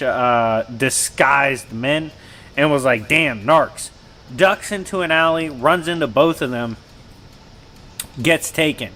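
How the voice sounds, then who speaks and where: A man hosting a comics channel, retelling a comic story in casual slang and acting out the characters' lines. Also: on the high side. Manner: slangy, animated retelling of dialogue. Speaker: comic book channel host.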